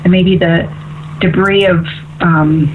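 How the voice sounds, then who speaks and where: A woman's voice: on the low side, fairly even intonation, takes it slowly, slight background noise. A woman hosting a call-in spiritual radio show as an intuitive medium, talking in an upbeat, chatty way and often asking "right?". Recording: tinny phone-like radio audio.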